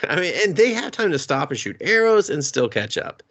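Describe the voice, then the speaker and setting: A man's voice: on the high side, very animated, fairly quick, a bit bright. A man co-hosting a podcast, recapping a movie in casual chat, swearing freely and acting out the characters' lines. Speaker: podcast co-host.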